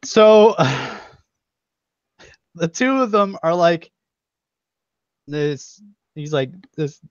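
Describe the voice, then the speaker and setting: Young male game master, slightly high voice, giggly narration, dry lo-fi mic. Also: sing-song, no room sound. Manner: laughing, quoting characters in quick snatches. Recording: dull, dry lo-fi recording.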